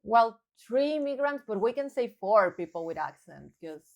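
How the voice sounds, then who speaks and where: A woman's voice: a little high, normal speed, vocal fry. A woman in her thirties with a Mexican accent, co-hosting a podcast in casual chat and telling stories with frequent laughs. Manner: chatty, laughing, animated storytelling. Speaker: podcast co-host.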